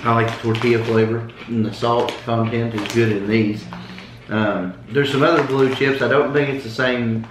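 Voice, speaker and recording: A man's voice: mid-range voice, steady tone, normal speed. A man co-hosting a casual snack taste test, laid-back and opinionated about flavor. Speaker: co-host tasting snacks. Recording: echoey room with clear background noise.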